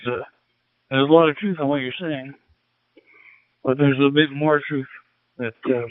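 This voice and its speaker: A man's voice: medium pitch, no echo. A man with a Canadian accent chatting on ham radio, hesitant and full of fillers. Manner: hesitant, warm-hearted, many fillers. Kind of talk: casual radio chat. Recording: tinny radio transmission.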